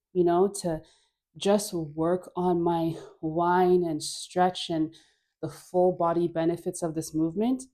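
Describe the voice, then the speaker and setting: A woman guiding a dance class, coaxing and playful, with breathy sighs and frequent laughs between cues. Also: lowish voice, mellow. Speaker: dance instructor.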